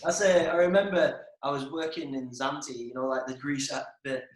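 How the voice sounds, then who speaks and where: A man's voice: mid-range voice, fairly even intonation, normal speed, echoey room, low-quality recording. A young man on a podcast, telling crude nightlife stories in a casual, sweary way. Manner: swearing, storytelling, laughs mid-story. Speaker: podcast co-host. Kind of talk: casual chat.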